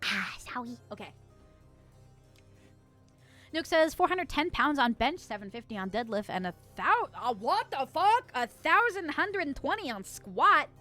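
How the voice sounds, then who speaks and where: A woman's voice: sits high, very animated, unhurried, pushed and bright, faint music behind. A young adult woman streaming and casually chatting as she reads chat, bubbly and giggly with playful squeals.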